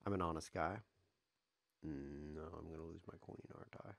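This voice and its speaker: A man's voice: a bass voice, steady tone, a little fast, vocal fry, no echo. A man commenting live on his own chess game as a streamer, sarcastic, self-mocking and grumbling.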